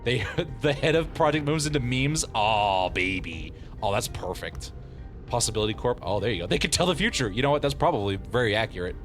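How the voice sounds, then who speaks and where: Playful, animated male streamer. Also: mid-range voice, faint music behind. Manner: playful, quick to laugh, exclaiming. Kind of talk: live game commentary.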